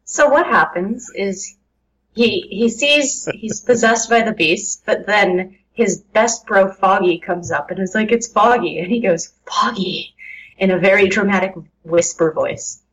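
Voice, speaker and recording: A woman's voice: mid-range voice, a little slow, fairly bright tone, breathy edge, muffled recording. A woman co-hosting a casual podcast chat, giving sarcastic, dry recaps. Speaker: podcast co-host.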